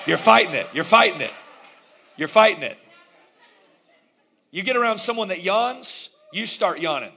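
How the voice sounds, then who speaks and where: A middle-aged pastor preaches with a high, bright and forceful voice. He jokes and laughs with his congregation as he goes, animated and playful. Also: slight background noise. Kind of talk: sermon.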